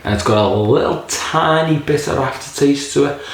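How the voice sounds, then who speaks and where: A man's voice: on the high side, normal speed. A man casually reviewing a beer in a rambling, jokey way, swearing often. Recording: very echoey room.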